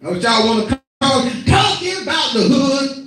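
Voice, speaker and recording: High-pitched middle-aged guy preaching hard, shouting and repeating himself, really echoey hall. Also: sing-song, normal speed, far from the mic, faint music behind. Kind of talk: sermon. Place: worship hall.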